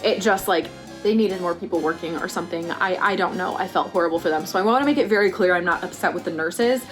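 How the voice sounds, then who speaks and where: A pregnant young woman vlogging, telling a story casually and acting out quotes with big jumps in pitch. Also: fast talker, faint music behind.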